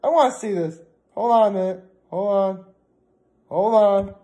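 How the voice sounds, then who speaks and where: A man's voice: sits high, measured pace, warm tone. A young man vlogging in a casual, rambling way, often breaking off mid-thought and talking himself through it. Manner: rambling, chatty, self-interrupting. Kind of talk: casual vlog chat.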